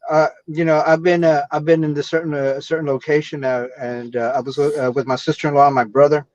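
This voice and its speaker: Brief: man, halting fireside-style storyteller, dry lo-fi video-call sound. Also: fairly high pitch, little pitch movement, darkish tone, no echo. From Texas. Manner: halting, full of "uh" fillers and restarts. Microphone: computer or phone mic on a video call. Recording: dull lo-fi video call audio.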